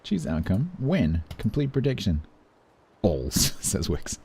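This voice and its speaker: A British man talks to his stream viewers while he plays, his voice low and a little husky. He rambles from topic to topic with dry, self-mocking humour, in a mellow, relaxed tone. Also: slow pace. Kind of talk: casual chat while gaming.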